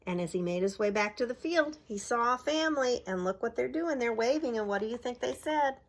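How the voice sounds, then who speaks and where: A woman's voice: a little high, animated, brisk. Middle-aged woman reading to preschoolers. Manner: asks young listeners questions and points at pictures; bright exaggerated voice for cheering lines. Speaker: preschool owner reading aloud. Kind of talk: children's story time read-aloud.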